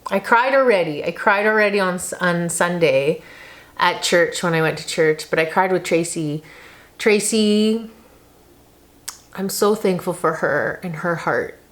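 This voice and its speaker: A woman in her thirties with a slightly low voice talks straight to the camera in a casual vlog. She is chatty and open, often saying "like", and sounds close to tears. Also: measured pace. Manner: chatty, emotional, uses lots of "like". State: tearful, on the verge of crying. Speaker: vlogger.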